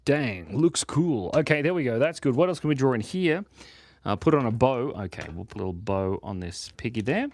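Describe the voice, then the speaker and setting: A man in Australia live-streams himself drawing from home, chatting playfully and rambling with his viewers in casual livestream talk. His medium-pitched voice is expressive and fast.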